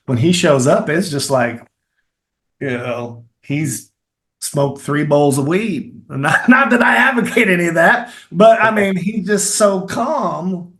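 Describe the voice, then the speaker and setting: A man's voice: on the high side, slow pace. Middle-aged man with a Kentucky accent. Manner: animated, explains with demonstrations and repeated phrases. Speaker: filmmaker and acting teacher, guest. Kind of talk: conversational interview.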